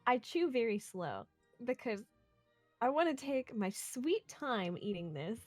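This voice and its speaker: Brief: a woman player, slow and unhurried, higher voice, faint music underneath. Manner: relaxed, giggly. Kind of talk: playing a tabletop game.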